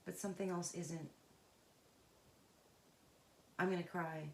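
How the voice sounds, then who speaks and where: A woman with a fairly low voice gives an unscripted tarot reading. She speaks in a halting, searching way, pausing and restarting as she feels her way through the cards, earnest and emotionally invested. The sound carries a noticeable room echo. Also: steady tone, creaky, a little hiss or hum. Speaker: tarot reader.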